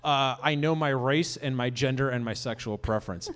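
A man's voice: mid-range voice, moderate pace, fairly bright tone. A man hosting a podcast, chatting casually and trading sarcastic, ironic jokes with his guest. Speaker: podcast host. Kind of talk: casual comedic chat.

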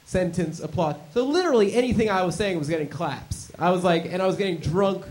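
High-voiced man doing rambling stand-up. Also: lively intonation, fast talker, noisy background. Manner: rambling storytelling, bursts into shouted mock slogans. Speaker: stand-up comedian. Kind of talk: stand-up set.

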